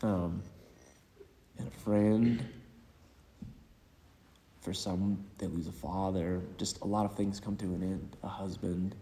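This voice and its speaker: A man giving a eulogy with personal stories, reflective and hesitant, pausing often. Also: low voice, fairly even intonation, creaky, warm tone. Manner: reflective and hesitant, many pauses. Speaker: speaker at a memorial. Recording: long hall reverb.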